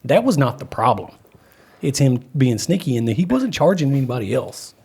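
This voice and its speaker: A man, co-hosting a casual podcast and telling a story with animated energy. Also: mid-range voice, fairly quick, vocal fry, breathy edge. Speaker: podcast co-host, off-road racer. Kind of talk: casual chat.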